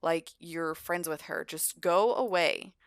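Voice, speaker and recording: A woman's voice: lowish voice, takes it slowly, dry recording, clean studio sound. A woman voicing a protective young vampire father who firmly scolds an unwanted guest. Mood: angry. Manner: firm, exasperated scolding. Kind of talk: voicing game characters.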